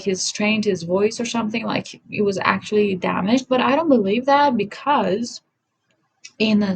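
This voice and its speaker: A woman's voice: medium pitch, slight background noise, poor audio. A woman talking in a casual commentary vlog, rambling and self-correcting, often apologizing, recorded on a home setup. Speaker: vlogger.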